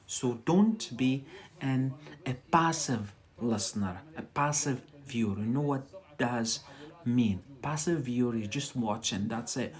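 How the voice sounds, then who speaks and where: A man teaches a live lesson at an unhurried pace. He repeats words over and over and checks in with a quick "yeah?", coaching like a patient tutor. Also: mid-range voice. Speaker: English teacher. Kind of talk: livestreamed English lesson.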